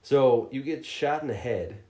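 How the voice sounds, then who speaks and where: A man's voice: mid-range voice, unhurried. Profane man telling a story, roomy echo. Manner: profane, animated storytelling with mocking quoted voices. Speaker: podcast host reviewing a game. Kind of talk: casual chat. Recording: roomy echoey room.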